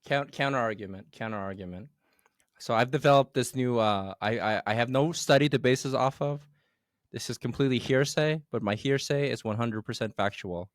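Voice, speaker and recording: A man's voice: medium pitch, a little fast, no echo, studio quality. A young man co-hosting a casual podcast, joking, laughing often and stubbornly defending his view. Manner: playful, laughs often, swears, argues stubbornly. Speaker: podcast co-host. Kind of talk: casual banter.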